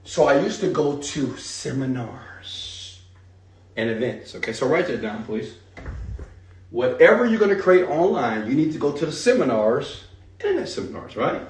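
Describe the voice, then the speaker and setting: A man teaching a live seminar, talking straight to the audience in an animated, hype-driven way. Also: mid-range voice, normal speed, roomy sound, far from the mic. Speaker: speaker teaching an online marketing seminar.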